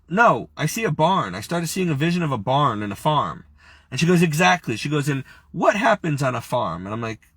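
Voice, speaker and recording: A man's voice: fairly high pitch, a bit bright, no echo. A man telling an emotional personal testimony, near tears and earnest, quoting others as he goes. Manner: earnest, tearful, quotes others in his own voice. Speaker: storyteller.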